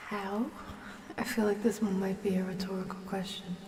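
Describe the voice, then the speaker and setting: A woman streamer hosting a cozy ASMR chat, talking to viewers softly and often in a whisper, unhurried. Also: medium pitch, level tone, reverberant, big-room sound, far from the mic, slight background noise.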